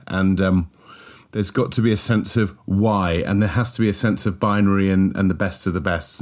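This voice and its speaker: A man joining a sports podcast as a guest, speaking in a measured, hesitant way with many ums. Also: on the low side. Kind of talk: casual sports chat.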